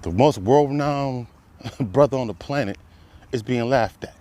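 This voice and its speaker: A man's voice: mid-range voice, a little slow, mellow. A man delivering an impassioned monologue, preaching with repeated rhetorical questions that climb to emphatic peaks. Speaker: commentator.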